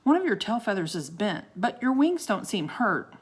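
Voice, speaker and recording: A kind, eager young girl from a children's storybook, as a woman reading aloud puts her on. She speaks in a raised, gentle, lively voice. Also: mid-range voice, normal speed, breathy edge, pitched above the performer's own voice.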